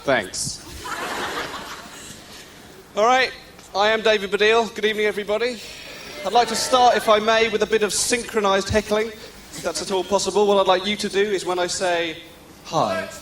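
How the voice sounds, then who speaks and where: A man's voice: high voice, fairly even intonation, moderate pace, long pauses, roomy sound, a little hiss or hum. A man doing live stand-up in a theatre, teasing the crowd in a sardonic way. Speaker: stand-up comedian. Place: theatre stage. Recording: live theatre recording with loud audience.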